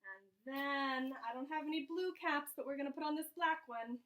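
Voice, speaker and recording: A woman teacher doing an animated read-aloud for children, asking them questions as she goes, recorded over a video call. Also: high-pitched, moderate pace. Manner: animated, asks listeners questions.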